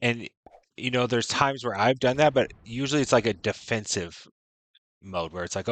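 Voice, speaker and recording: A man's voice: medium pitch, moderate pace, fairly bright tone, dry recording. A man streaming a strategy game, giving frank, chatty commentary full of "right?" and "you know". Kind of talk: casual gameplay commentary.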